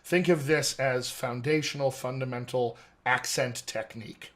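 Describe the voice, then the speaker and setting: A man's voice: medium pitch, fairly even intonation, moderate pace, a bit bright. An American man, an accent coach, explaining his teaching method methodically in an interview. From United States. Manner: articulate, methodical, lecturing.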